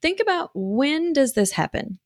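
A woman's voice: high voice, big pitch swings, a little slow, no room sound, studio quality. A woman talking as a parenting coach, chatty and reassuring, with lots of fillers. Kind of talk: casual coaching talk.

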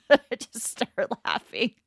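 A woman's voice: mid-range voice, big pitch swings, unhurried, no echo, clean studio sound. A woman hosting a motivational podcast, talking casually and animatedly and breaking into laughter easily. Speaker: podcast host.

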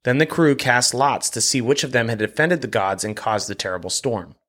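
A man reading a Bible passage aloud at a steady pace, lifting his voice a little for quoted speech. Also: medium pitch, a little fast. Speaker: Bible reader. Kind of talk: scripture reading.

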